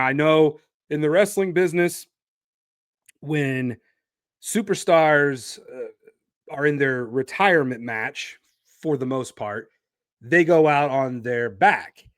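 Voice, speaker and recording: A man's voice: mid-range voice, slow pace, a bit bright, no room sound, clean studio sound. A man hosting a solo wrestling podcast, talking animatedly and stretching out names for emphasis. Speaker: podcast host.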